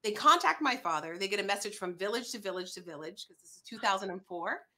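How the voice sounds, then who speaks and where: A woman who is a guest on an interview show, telling her personal story in an earnest, animated way. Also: mid-range voice, fast talker.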